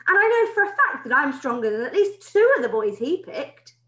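A woman reading a storybook aloud, voicing an indignant young schoolgirl who complains in a high voice. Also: sing-song, a little fast, fairly bright tone. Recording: roomy echo.

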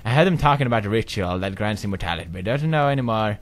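A man giving goofy, jumpy commentary as he plays a horror game, with sudden loud outbursts. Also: lowish voice, animated, racing, a little hiss or hum. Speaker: gaming commentator.

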